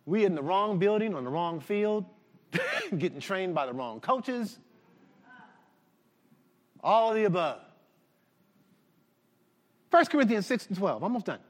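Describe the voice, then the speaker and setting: A man preaching a sermon to his church, animated and shouting at the peaks. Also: high-pitched, unhurried, pauses often, big-room sound. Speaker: pastor.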